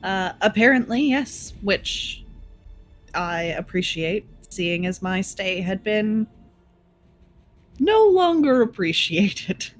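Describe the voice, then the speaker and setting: A woman's voice: medium pitch, animated, slow pace, faint music behind. A woman playing in a tabletop game, speaking in a dry, understated way. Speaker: player. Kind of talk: casual tabletop play.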